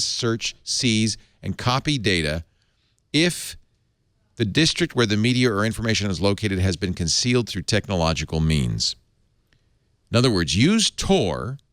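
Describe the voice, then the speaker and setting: A man hosting a tech panel show, explaining a news story in an animated, opinionated way. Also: medium pitch, dry recording, studio quality. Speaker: host.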